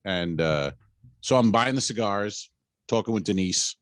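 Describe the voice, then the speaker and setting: A man's voice: on the low side, animated, a little slow, no room sound, studio quality. A man, a comedian and podcast co-host, telling a story in casual chat and acting out the dialogue.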